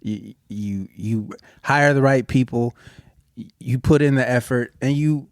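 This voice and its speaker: A man on a comedy podcast speaking in halting, supportive bursts and swearing casually. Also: medium pitch, no room sound, studio quality. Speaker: podcast co-host.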